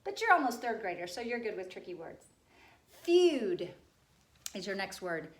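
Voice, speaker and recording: A woman's voice: medium pitch, sing-song, fast, fairly bright tone, roomy sound. A woman teaching second graders a spelling lesson, patiently sounding out and spelling words letter by letter. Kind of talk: spelling lesson for young children.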